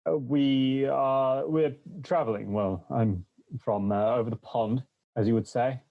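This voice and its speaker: A man's voice: mid-range voice, steady tone, unhurried, creaky, phone-quality sound. A man voicing a nervous male playwright in a tabletop horror game, hesitant and apologetic, stumbling over his words. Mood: polite.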